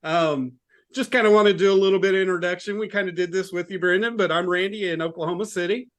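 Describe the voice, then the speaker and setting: A man hosting a live interview stream, greeting the guests and asking loose, halting questions. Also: high-pitched, steady tone. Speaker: host.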